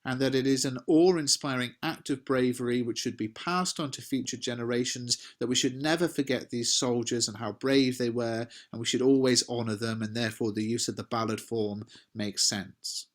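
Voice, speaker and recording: A man's voice: medium pitch, steady tone, normal speed, hardly any pauses. A male English teacher giving a recorded exam revision lesson, explaining poetry in a conversational, encouraging way and addressing students directly.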